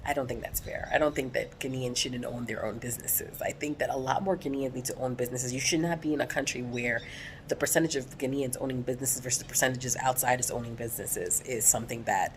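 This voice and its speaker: A woman's voice: very deep voice, slight background noise. A woman with an American accent, talking in a casual vlog, voicing emphatic and outspoken complaints. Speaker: vlogger.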